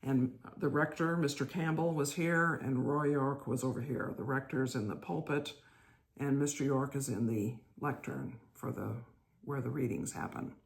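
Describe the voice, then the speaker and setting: An older woman hosting her own show, telling a church memory in a gentle, chatty way and laughing as she goes. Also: very deep voice, normal speed, vocal fry. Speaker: host. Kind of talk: casual storytelling monologue.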